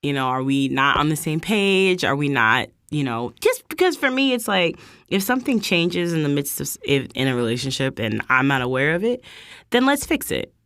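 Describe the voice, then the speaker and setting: A woman hosts her own vlog, casually sharing a personal story and animatedly quoting people in higher-pitched voices. The sound is studio quality with no room echo.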